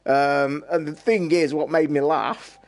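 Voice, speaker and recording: Casting: man with an East Midlands Derbyshire accent, fairly high voice, loose sweary storyteller hosting a chatty live stream. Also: steady tone, unhurried. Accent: East Midlands English (Derbyshire). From Derbyshire, England. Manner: sweary, rambling storyteller who laughs a lot. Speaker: livestream host. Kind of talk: casual chat with stream viewers.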